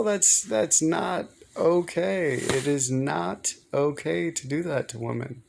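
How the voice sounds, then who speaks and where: A man's voice: fairly high pitch, slow pace, vocal fry, hardly any pauses, a little mellow, a little hiss or hum. A man talking casually to camera in a personal vlog, rambling and hesitant, often repeating words. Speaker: vlogger.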